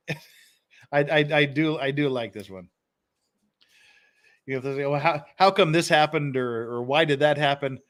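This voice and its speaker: Male stream host, slightly high voice, loose and chatty, quick to laugh. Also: a bit bright. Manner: chuckles often, reads phrases aloud. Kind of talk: casual live-stream commentary.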